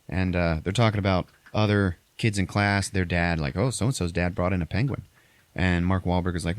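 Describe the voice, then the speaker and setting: A man hosting a podcast, casually retelling a movie plot in a rambling, profane way and briefly acting out characters in exaggerated high voices. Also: steady tone, a little fast, no echo. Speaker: podcast host recapping a movie. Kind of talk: casual chat.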